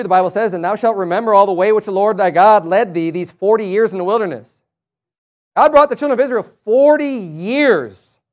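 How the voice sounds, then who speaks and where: A man preaching a sermon, reading scripture aloud and rising to emphatic, raised passages. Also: high-pitched.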